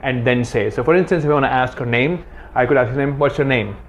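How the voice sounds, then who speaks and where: Fast-talking earnest man coaching. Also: medium pitch, slight background noise. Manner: earnest, explaining with demonstrations. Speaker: dating coach. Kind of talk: instructional talk to camera.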